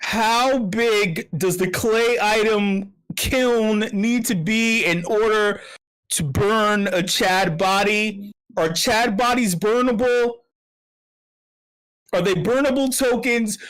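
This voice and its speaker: A man's voice: high-pitched, takes it slowly, a bit bright, clear, resonant tone. A man hosting an online meetup, rambling through profane comic rants full of restarts and repeated words. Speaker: meetup host. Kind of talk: casual livestream chat.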